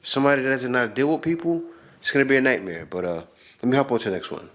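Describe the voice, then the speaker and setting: A man's voice: medium pitch, big pitch swings, very fast. A man hosting a channel, reacting to clips in casual, emphatic commentary and often repeating himself.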